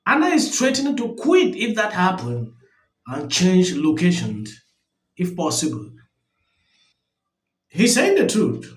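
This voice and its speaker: Man, reaction commentator, emphatic, high animated voice, roomy echo. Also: measured pace, long pauses. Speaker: commentary channel host.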